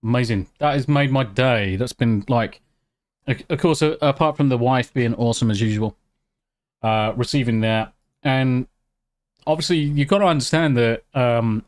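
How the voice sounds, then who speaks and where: A British man chatting casually on a live stream. He reacts excitably to chat and swears freely. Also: mid-range voice. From United Kingdom. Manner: excitable, swears freely, talks while eating.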